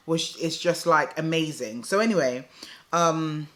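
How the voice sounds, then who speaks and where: Young girl vlogging, super chatty, lots of "like", bright voice. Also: low-pitched, moderate pace. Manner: chatty, fills speech with "like", addresses viewers as "guys". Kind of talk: casual storytelling to camera.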